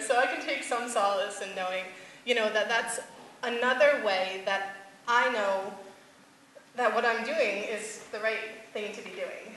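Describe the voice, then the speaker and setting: A young woman, a singer-songwriter, telling a personal story on stage to a live audience, animated and laughing often, with many fillers. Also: on the high side, a little hiss or hum. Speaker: singer-songwriter giving a talk. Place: stage before a live audience, echoey hall. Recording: echoey hall with faint ambience.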